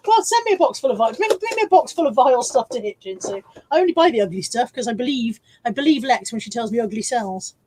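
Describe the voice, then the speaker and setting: A woman's voice: fairly high pitch, lively intonation, fast, hardly any pauses, a little mellow, a little hiss or hum. A woman hosting a casual live stream, showing car boot finds and reading viewer comments with chatty, self-mocking asides, hiccuping now and then.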